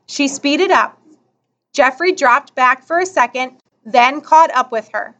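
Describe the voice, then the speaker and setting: A woman reading a children's story aloud in an expressive storytelling style. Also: sits high, unhurried. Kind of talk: children's book read aloud. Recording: slightly muffled recording.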